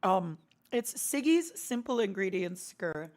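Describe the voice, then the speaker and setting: A woman's voice: medium pitch, very animated, slow, darkish tone. A woman VTuber chatting casually on a live stream, giggly and playfully dramatic, laughing often.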